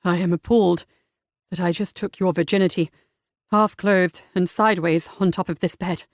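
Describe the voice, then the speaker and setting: A woman voicing an ardent young Regency gentleman, speaking low, husky and tender in an audiobook. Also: fairly even intonation, normal speed, no echo, clean studio sound, close to an everyday voice. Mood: rueful. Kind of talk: audiobook character voice.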